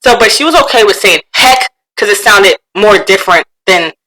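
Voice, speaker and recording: Woman, podcast co-host, bright voice, chatty, reads posts aloud, laughs easily. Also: mid-range voice, expressive, normal speed, low-quality recording. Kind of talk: casual chat reading forum posts aloud.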